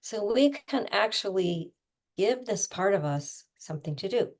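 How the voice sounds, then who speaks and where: A middle-aged woman coach talking casually, explaining with everyday images and quick asides. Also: mid-range voice, animated. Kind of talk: casual conversational teaching.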